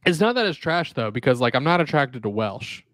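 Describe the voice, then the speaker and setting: A man's voice: mid-range voice, big pitch swings, fairly bright tone, no echo. Man trading profane podcast banter. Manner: profane, rambling, quick asides. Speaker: podcast co-host. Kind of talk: casual banter.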